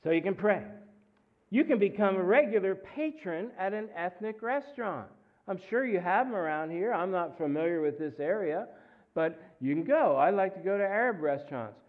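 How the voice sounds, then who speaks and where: A man preaching a guest sermon in a church, animated and full of jokes and asides as he tells stories. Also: high-pitched, normal speed. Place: church sanctuary. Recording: phone-like narrow sound.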